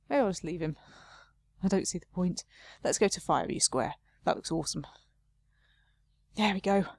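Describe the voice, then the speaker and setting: A woman's voice: lowish voice, a little mellow. A woman playing a game, chatting casually and reading the game text aloud, often laughing at herself. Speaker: let's play host.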